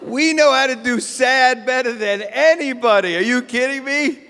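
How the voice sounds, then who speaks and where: A man with a very high-pitched voice and vocal fry talks at normal speed in a clean tone, performing a chatty, self-mocking stand-up set at an evening event. Animated and acting out bits, he plays to a live audience in an event hall, with long hall reverb on the recording.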